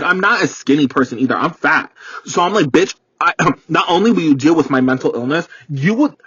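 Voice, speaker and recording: A man's voice: a little high, a bit bright, breathy edge, no echo. Profane rambling young man ranting. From New York. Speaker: podcast host. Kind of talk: casual solo storytelling rant. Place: parked car. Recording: dull, muffled sound.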